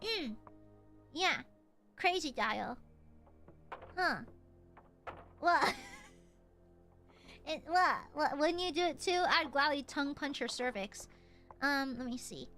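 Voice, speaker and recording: A woman's voice: high voice, animated, slow pace, long pauses, bright, forceful tone, soft background music. A woman streaming a video game, chatting casually in a playful, crude way and laughing often.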